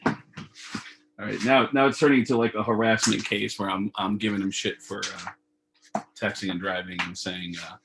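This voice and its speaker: A man, a comedian guest on a video call, telling an animated, profane story. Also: fairly low pitch, normal speed, pauses often, background noise. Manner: animated, profane, acts out dialogue. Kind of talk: casual storytelling.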